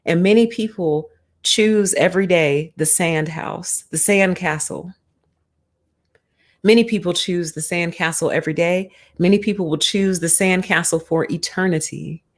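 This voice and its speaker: Brief: lower-voiced woman, emphatic streamer talking casually about faith. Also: a little slow. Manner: emphatic and conversational. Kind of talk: casual spiritual commentary.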